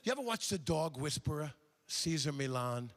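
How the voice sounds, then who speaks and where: An older man doing stand-up comedy, chatty and digressive, slipping quickly into impressions. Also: on the high side, big pitch swings.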